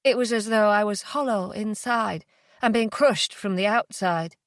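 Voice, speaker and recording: A woman narrating a thriller audiobook in the first person, hushed and tense. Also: medium pitch, measured pace, dry recording, studio quality.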